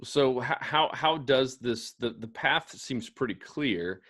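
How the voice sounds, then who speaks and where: A man's voice: medium pitch, lively intonation, slow, fairly bright tone. A man co-hosting a podcast, asking questions about faith in a thoughtful, searching way. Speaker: podcast co-host. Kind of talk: casual faith talk.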